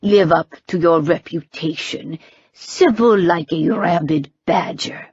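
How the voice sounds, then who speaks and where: A woman voicing a sharp-tongued older witch and mother, mocking and shrill. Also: takes it slowly, slightly rough, no echo, dull audio, full character voice. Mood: scolding. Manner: mocking, shrill, sing-song.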